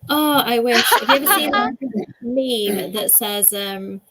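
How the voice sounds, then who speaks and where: A woman's voice: a little high, a little slow, hardly any pauses, a bit bright, a little hiss or hum. A woman hosting a casual chat over a video call. She talks in a chatty, rambling way. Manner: chatty and rambling, with frequent laughs. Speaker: host, author.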